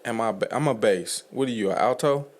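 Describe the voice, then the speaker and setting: Casting: playful man, podcast co-host, middle pitch, easygoing joker. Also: brisk. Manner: joking, playful, beatboxes the intro. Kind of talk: casual banter.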